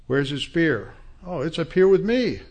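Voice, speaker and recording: A man's voice: on the high side, animated, unhurried, a little mellow, highs cut off, voice pushed up. A man voicing King David as a bold, mocking leader in a sermon retelling, firing off pointed questions. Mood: taunting.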